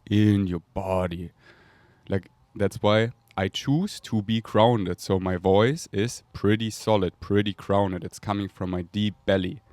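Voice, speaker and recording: In a fairly low, darkish voice with no room sound, a man with a German accent muses on spiritual matters for his podcast. He wanders dreamily from thought to thought, laughing a lot and letting out breathy whooshing noises.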